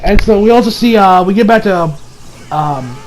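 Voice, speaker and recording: A young man casually reviewing an anime episode, excitable and swearing freely. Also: high voice, moderate pace, slight background noise. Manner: excitable, swearing, laughing a lot.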